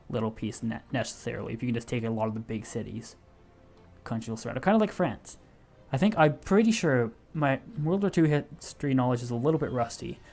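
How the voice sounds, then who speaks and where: A young man with a gravelly, fry-edged voice talks through a strategy game, explaining each move as he goes and stopping to correct himself. His pitch sits in the ordinary middle, and soft music plays quietly behind him. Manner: thinking aloud, explaining as he clicks, self-correcting. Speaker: gaming video host. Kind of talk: casual strategy game commentary.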